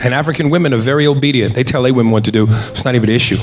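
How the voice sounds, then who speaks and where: A male stand-up comedian performing a loud, profane set and shouting his punchlines on a comedy club stage. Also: mid-range voice, rapid-fire. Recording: roomy club with loud crowd laughter. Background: audience laughter.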